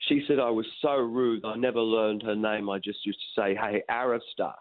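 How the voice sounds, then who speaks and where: A middle-aged musician telling frank, rambling stories in a phone interview, swearing freely. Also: male voice, on the low side, normal speed. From Australia. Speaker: musician guest. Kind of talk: phone interview, candid storytelling. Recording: tinny phone line.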